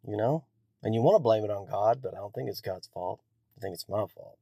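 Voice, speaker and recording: A man's voice: on the low side, fairly quick, gravelly, mellow, slightly rough, dry recording, clean studio sound. A man hosting a solo podcast, ranting in a bitter, profane, self-lacerating way, rambling with many restarts. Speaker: podcast host. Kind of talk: solo rant.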